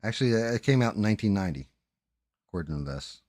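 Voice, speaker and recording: A man's voice: lowish voice, expressive, fast talker, darkish tone, no echo, studio quality. A man hosting a live stream, chatting casually, cursing freely and often trailing off mid-sentence. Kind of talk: casual chat while painting 3D prints.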